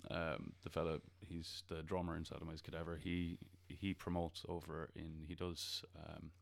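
A low-voiced man with a gravelly, creaky edge talks through a casual podcast chat as a festival promoter. He hesitates often, filling gaps with ums and starting sentences over. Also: little pitch movement, moderate pace. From Ireland. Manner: hesitant, many ums and restarts.

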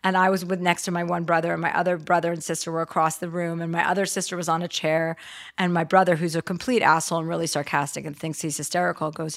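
A woman's voice: fairly low pitch, steady tone, fairly quick. A middle-aged woman hosting a podcast, chatting candidly and telling stories. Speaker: podcast host. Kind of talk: casual conversation.

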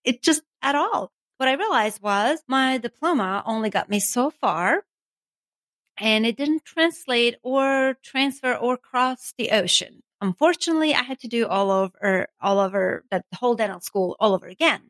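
A woman's voice: a little high, expressive, normal speed, a bit bright, dry recording. A woman from Armenia, telling her own story in a chatty way, full of asides and self-mocking laughs. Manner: chatty, many asides like "you know" and "right?", laughs at herself. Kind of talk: casual storytelling.

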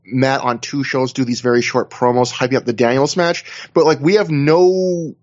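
A man's voice: mid-range voice, normal speed, muffled recording. A man co-hosting a casual wrestling podcast over a video call, recapping at length and acting out what others said. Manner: rambling, animated recaps with acted-out quotes. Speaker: podcast co-host.

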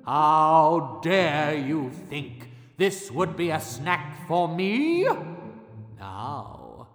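A man voicing a huge, grisly, goat-eating male troll in a storybook, booming slowly and shouting. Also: very animated, reverberant, long reverb tail, faint music behind, heavily acted. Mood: mocking, furious.

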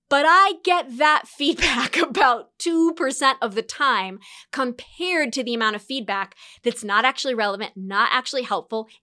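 A woman in her thirties, an entrepreneur, reflecting in an animated solo talk with quick bursts and light laughs. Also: on the high side. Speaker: entrepreneur and course creator.

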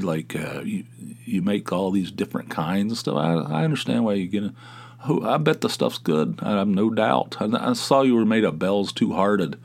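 A man hosting his own podcast, talking casually and meandering with frequent stammered restarts and self-deprecating asides. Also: on the low side. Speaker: podcast host. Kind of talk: casual solo podcast talk.

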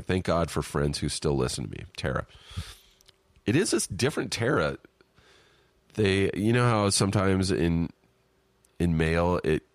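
Male podcast host, extremely deep voice, dry close sound, casual rambling read. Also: dry recording. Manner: loose, rambling, with filler words and restarts. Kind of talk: reading a listener email and chatting.

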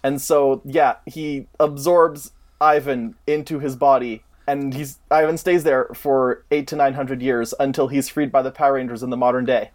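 A man's voice: medium pitch, fairly even intonation, normal speed. A man co-hosting a casual chat who explains show trivia at length. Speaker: podcast co-host.

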